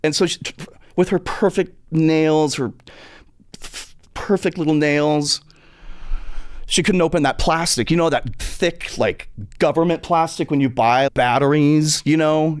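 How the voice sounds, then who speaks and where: A man's voice: measured pace, clear, resonant tone, no echo, clean studio sound. A man hosting a podcast, telling a funny story as a monologue and acting out the people in it. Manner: animated, acts out quotes in a high voice. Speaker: podcast host.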